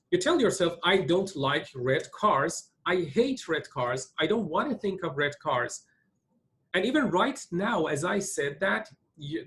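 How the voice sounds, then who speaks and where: A man teaching a webinar in an earnest, explaining manner, pitch sitting a little high for a man. His voice swings widely up and down as he stresses points, often restarting and repeating himself. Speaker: webinar presenter.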